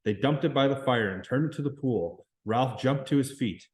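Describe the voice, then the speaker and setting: A man reading a novel aloud in a plain, measured way. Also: mid-range voice, a little mellow. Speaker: reader.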